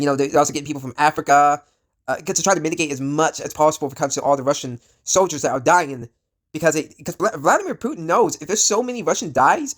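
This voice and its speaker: A sick, coughing man rants in a fairly high voice. His commentary rambles and restarts, packed with "you know" and "like". He is blunt and profane. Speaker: vlogger. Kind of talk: casual ranting commentary.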